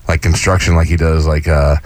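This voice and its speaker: Deep voiced guy hosting a podcast, talks fast and rambles, dead dry sound. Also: level tone, darkish tone, no room sound. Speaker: podcast host. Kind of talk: casual chat.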